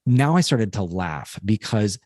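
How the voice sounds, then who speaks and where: A male podcast co-host with a lowish, slightly mellow voice recounts a personal story at a measured pace, very animated in tone. His earnest, rambling delivery is packed with fillers, suiting the casual, reflective chat. Clean studio sound, no room sound.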